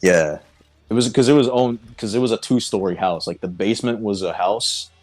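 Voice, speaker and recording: Deep-voiced man telling a profane story. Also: brisk, soft background music. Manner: profane, laughing through his story. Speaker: podcast co-host. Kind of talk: casual storytelling chat.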